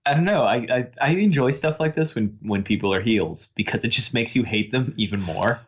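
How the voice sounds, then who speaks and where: A man's voice: medium pitch, expressive, a little fast, slightly rough, muffled recording. A man from the New York area co-hosting a podcast in casual chat, dry and sighing. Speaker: podcast co-host.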